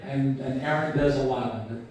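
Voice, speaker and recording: A man in his sixties giving a memorial eulogy, telling stories about a friend in an unhurried, anecdotal way and quoting him with a chuckle. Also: medium pitch, a little mellow, a little hiss or hum. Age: 60s. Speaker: eulogy speaker. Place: large echoey hall at a memorial service. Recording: echoey hall recording from far off.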